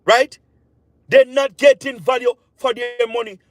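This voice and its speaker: A man's voice: extremely high pitch, steady tone, fairly bright tone, dry recording. A Jamaican man giving an impassioned political rant on a live stream, repeating phrases with heavy emphasis. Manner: repetitive, emphatic, drawn-out phrases.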